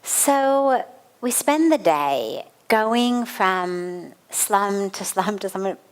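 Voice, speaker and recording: A woman's voice: mid-range voice, animated, drawn-out words. A middle-aged woman, a spiritual teacher, giving a satsang talk and telling a personal story with earnest, vivid emphasis and repeated phrases.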